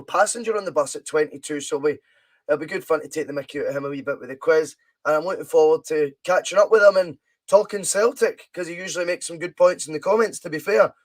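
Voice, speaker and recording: A Scottish man with a voice on the high side hosts a casual live stream, bantering chattily and reading out viewer comments as he plays a football management game.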